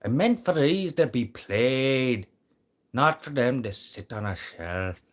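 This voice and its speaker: A man voicing an Irish fiddle maker in a put-on Irish accent, speaking slowly and emphatically. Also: mid-range voice, expressive, pitched above the performer's own voice. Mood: insistent.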